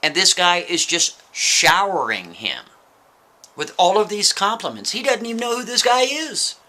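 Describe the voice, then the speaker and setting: A man's voice: high voice, big pitch swings, normal speed, pushed and bright. A man telling a story in a casual, chatty way, often checking in with the listener with "right?" asides.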